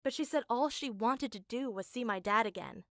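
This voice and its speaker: A woman tells a first-person story in an earnest, emotional voice that sits on the high side. The recording is close and dry, with no room sound. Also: moderate pace, a bit bright, no echo. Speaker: narrator.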